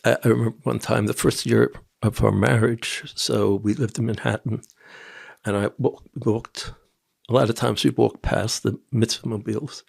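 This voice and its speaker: An older man from Tennessee, a podcast guest, telling personal stories in a rambling, halting way with quiet asides. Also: medium pitch, steady tone, gravelly. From Nashville, Tennessee. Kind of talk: personal storytelling in an interview.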